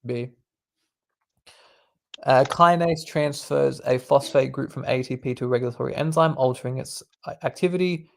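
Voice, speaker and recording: A man's voice: medium pitch, moderate pace, vocal fry, slight background noise. A young man, a medical student, reading quiz questions aloud and explaining the answers in a laid-back, casual way. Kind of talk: casual quiz study session.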